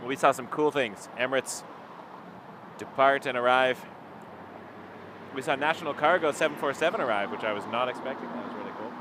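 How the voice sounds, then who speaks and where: A man's voice: medium pitch, a little fast, pauses often. A man with a Toronto Canadian accent, rambling casually to live stream viewers from beside a runway on a cold night. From Toronto area, Canada. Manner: rambling, chatty, reads out viewer comments. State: cold, marching to keep warm. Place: outdoors by an airport runway at night. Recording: outdoor traffic noise.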